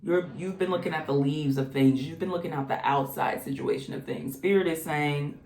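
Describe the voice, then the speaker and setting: A woman's voice: deep voice, normal speed, few pauses, darkish tone. A woman casually reading tarot cards, chatty and exclamatory. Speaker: tarot reader. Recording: echoey room.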